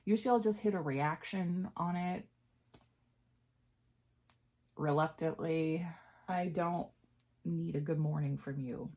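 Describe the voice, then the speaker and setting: Chatty candid woman vlogger, lower voice. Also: a little slow, warm tone. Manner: candid and chatty, with sudden jumps up in pitch; drops into a half-whisper for asides. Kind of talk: casual chat while doing makeup.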